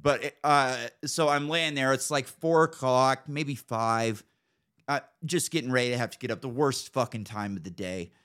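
Podcast dude telling a wild story, swears a lot, mid-pitched voice. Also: male voice, moderate pace, clear, resonant tone. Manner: profane, animated storytelling. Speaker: podcast host. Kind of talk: casual storytelling chat.

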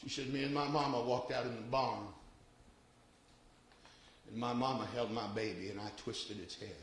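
A man, preaching a sermon and telling stories, swinging from hushed narration to shouted exhortation. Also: medium pitch, steady tone, normal speed, echoey room, slight background noise. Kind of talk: sermon with storytelling.

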